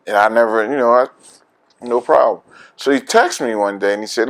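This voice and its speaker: A man's voice: mid-range voice, fairly quick. A man with a Philadelphia accent, a veteran telling his story in an oral history interview, candid and laughing often.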